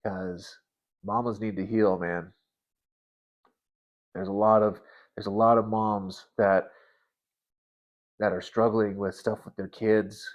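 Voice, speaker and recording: A man in his thirties sharing a personal faith story in an earnest, halting way, often restarting his words. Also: lowish voice, flat delivery. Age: 30s. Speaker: Christian vlogger.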